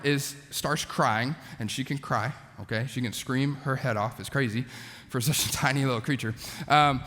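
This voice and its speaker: Man preaching in an echoing hall. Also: medium pitch. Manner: conversational, animated preaching with asides. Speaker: youth pastor. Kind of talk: sermon to students. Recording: long hall reverb.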